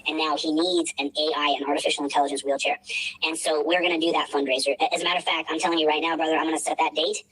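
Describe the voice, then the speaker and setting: Husky fast-talking man, rambling and emotional. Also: fairly high pitch, flat delivery, a bit bright, poor audio. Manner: rambling, repeats himself, emotional pleading. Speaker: livestreamer asking for a fundraiser. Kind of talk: rambling emotional livestream talk.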